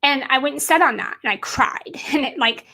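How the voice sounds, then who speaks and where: Speaking straight to camera at normal speed, a woman with a high, bright voice and a gravelly edge delivers a motivational talk as a business coach. She is expressive, emphatic and repetitive, driving her points home and calling her viewers guys.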